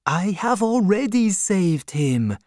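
A man voicing a protective older doctor in a storybook reading, the voice lifted well above the narrator's own and drawn out slowly. The tone is soft and steadying, and the sound is close and dry with no room echo. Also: high voice, very animated, voice pushed up, exaggerated voice. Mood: reassuring. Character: gentle older male doctor, calm and protective.

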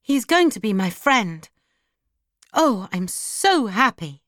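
A woman voicing a spoiled, excitable teenage girl of a grand house, with high, loud, haughty outbursts. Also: measured pace, no echo, studio quality. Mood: excited.

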